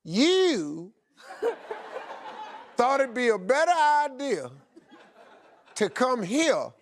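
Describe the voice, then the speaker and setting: A man hosting a talk show, joking and teasing guests in loud comic bursts before a live audience. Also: very high-pitched, very animated, very slow. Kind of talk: audience Q&A banter. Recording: live studio crowd, background noise.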